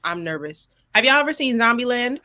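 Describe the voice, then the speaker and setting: A woman co-hosting a podcast in casual chat, animated and exclaiming, talking straight to listeners. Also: on the high side, fairly quick. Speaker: podcast co-host.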